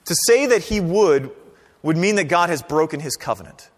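A pastor preaching a sermon in a conversational, animated way, often checking in with the congregation. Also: male voice, a little high, normal speed, in a large hall. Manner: conversational, animated preaching with frequent "right?" and "okay?".

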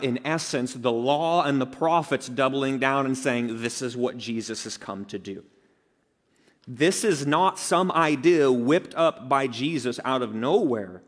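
A man preaching an earnest, emphatic expository sermon as pastor. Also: medium pitch. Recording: long reverb of a large hall.

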